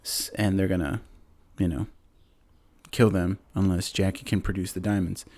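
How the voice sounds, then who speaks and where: A man's voice: low voice, level tone, normal speed, a little mellow. A man hosting a podcast, casually retelling a movie plot in a rambling way, full of fillers and acted-out quotes. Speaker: podcast host.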